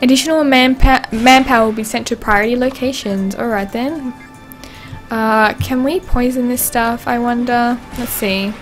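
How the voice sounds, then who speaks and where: A woman's voice: fairly high pitch, fairly even intonation, normal speed, soft background music. A woman hosting a casual gameplay livestream, chatting and giggling as she reads game dialogue aloud. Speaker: livestream host.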